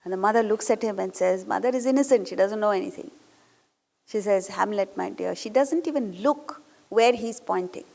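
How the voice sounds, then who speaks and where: A woman's voice: medium pitch, moderate pace, creaky, darkish tone, long reverb tail. A woman giving a spiritual discourse, telling stories and putting questions to her audience. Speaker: spiritual teacher.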